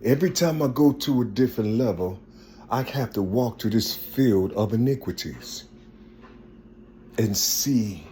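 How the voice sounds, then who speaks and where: A man talks in a slow, halting monologue, repeating himself and checking in with "you see?" between thoughts. His delivery is unhurried and often drops to a soft trailing mumble. His pitch sits in an ordinary middle range. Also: lively intonation, slight background noise. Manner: repetitive, searching, keeps asking "you see?". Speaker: speaker sharing personal visions. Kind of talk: rambling personal monologue.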